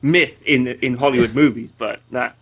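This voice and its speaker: A man's voice: medium pitch, steady tone, normal speed, fairly bright tone, husky. A British man on a casual podcast, teasing the others and laughing often. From Britain. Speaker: podcast co-host.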